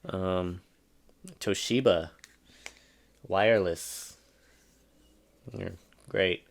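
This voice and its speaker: A man's voice: deep voice, steady tone, very slow, vocal fry. A man hosting a solo podcast, ranting in a profane, rambling, exasperated way, trailing off and restarting mid-sentence. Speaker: podcast host.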